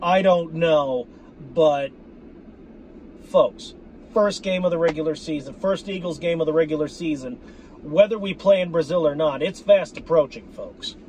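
A man's voice: a little high, normal speed, darkish tone, slight background noise. A man ranting to his viewers about his football team, swearing often and repeating himself as he talks to them as "folks". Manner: profane, repetitive, addresses viewers as folks. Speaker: sports fan vlogger. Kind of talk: ranting fan commentary.

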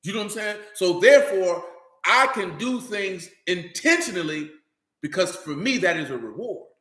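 A man preaching an animated sermon in loose, street-style talk, often asking "you know what I'm talking about". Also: high voice, normal speed, reverberant.

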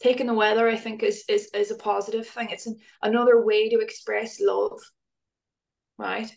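A woman guest in casual conversation, chatty and animated, laughing often as she talks. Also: medium pitch, normal speed, vocal fry.

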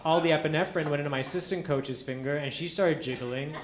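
A man performing a stand-up comedy set on a club stage, telling deadpan stories with acted-out quotes. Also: on the high side, fast talker. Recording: echoey club with audience noise. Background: audience laughter.

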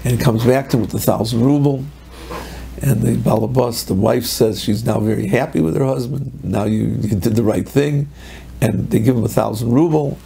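A middle-aged rabbi delivers a Torah lecture, spinning a story with lively energy and sprinkling in Hebrew and Yiddish words. His voice is gravelly and a little husky, sitting at an ordinary middle pitch for a man. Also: normal speed.

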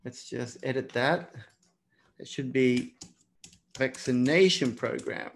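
A man's voice: medium pitch, slow. An Australian man teaching a live online exam prep lesson, encouraging and speaking to viewers in the chat by name.

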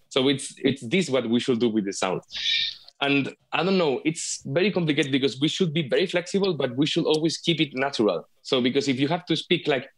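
Man, Spanish accent, flute player guest, video call, halting, repeats words, mid pitch. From Spain. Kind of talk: casual video call interview.

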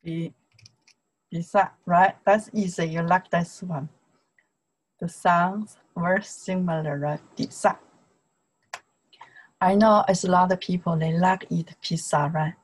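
Slow Chinese-accented woman teaching Mandarin. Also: lowish voice, steady tone, breathy edge, poor audio. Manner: slow, repetitive drilling with broken English asides; chatty, laughing, teacherly. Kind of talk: online Mandarin lesson.

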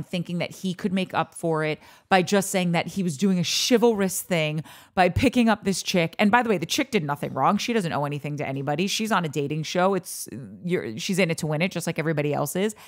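A woman hosting a podcast, tipsy from beer, giving a casual ranting TV review, animated, sarcastic and profane with big swings in pitch. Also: moderate pace. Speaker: podcast host.

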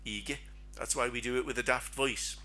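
A man's voice: mid-range voice, steady tone, moderate pace, sharp tone. A middle-aged man hosting a trading webinar in a casual teaching chat, talking chattily with lots of rhetorical questions. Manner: chatty, asks rhetorical questions, acts out silly quoted voices.

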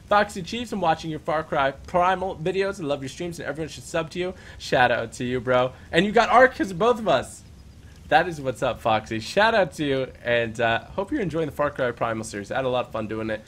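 A young man hosting a game live stream, chatting casually and giving quick, upbeat shout-outs with some stumbles. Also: on the high side, lively intonation. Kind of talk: casual live-stream chat, reading out super chats.

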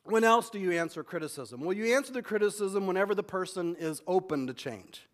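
Guy pastor with a fairly high voice, chatty sermon, keeps restarting sentences. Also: animated. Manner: conversational preaching, acts out quick back-and-forth dialogue; frequent restarts and repeated words.

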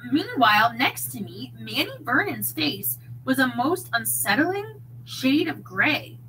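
A woman reading a mystery novel aloud in an expressive, dramatic way. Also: sits high, unhurried, slight background noise, rough recording. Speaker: narrator.

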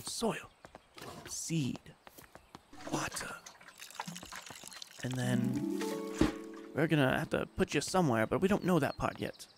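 A man's voice: mid-range voice, animated, takes it slowly, pauses often, loud music behind the voice. A man streaming a puzzle game, rambling and self-mocking while reading game text aloud. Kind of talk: casual game commentary.

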